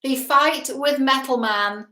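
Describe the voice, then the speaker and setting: A woman's voice: high-pitched, slow pace, bright, forceful tone. A woman hosting her own show as a relationship coach, chatting through a film analysis in an emphatic way and often asking the listener questions. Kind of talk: casual film analysis commentary. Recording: roomy echo.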